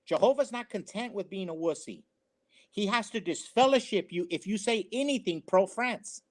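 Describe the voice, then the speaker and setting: Man co-host, high-pitched, preachy and emphatic, opinion-show commentary. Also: moderate pace. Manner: emphatic, preachy, repeats phrases.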